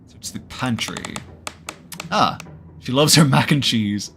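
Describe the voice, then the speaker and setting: A man's voice: medium pitch, lively intonation, unhurried, vocal fry, a bit bright, slight background noise. Chatty man streaming a visual novel. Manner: chatty, jokey, reads narration with asides. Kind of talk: let's play, reading a visual novel aloud.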